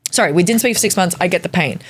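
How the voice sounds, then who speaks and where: A woman in her forties, a comedian guest on a podcast, telling a story in an animated, comic way with casual swearing. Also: fairly low pitch, racing, breathy edge. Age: 40s.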